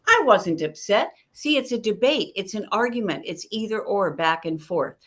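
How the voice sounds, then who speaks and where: A middle-aged woman teaching communication, lively, acting out both sides of conversations as examples. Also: mid-range voice, moderate pace. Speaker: guest communication expert. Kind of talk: animated teaching with acted-out dialogue.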